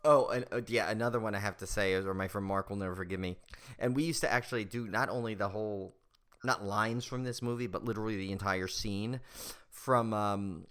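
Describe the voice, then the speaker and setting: A man's voice: fairly low pitch, steady tone, brisk, a bit bright, clear, resonant tone. A man co-hosting a podcast in casual chat, rambling and laughing as he quotes movie lines. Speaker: podcast co-host.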